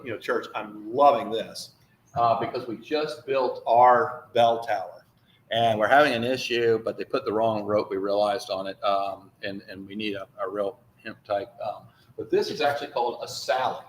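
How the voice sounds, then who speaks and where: A man's voice: lowish voice, normal speed. A man, a priest, telling a church group a rambling, chatty travel story with lots of fillers. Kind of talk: informal talk to a congregation with slides. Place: church hall. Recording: echoey room, faint ambience.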